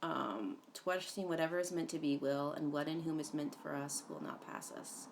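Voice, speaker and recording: A woman hosting a casual livestream chats in a rambling way full of fillers, greeting viewers by name and swearing now and then. Her voice is low-pitched and creaky, at a normal speed.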